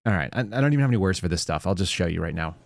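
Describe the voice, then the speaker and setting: A man's voice: low voice, expressive, racing, creaky. A man hosting a live commentary show, talking in a blunt, indignant, rambling way. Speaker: show host.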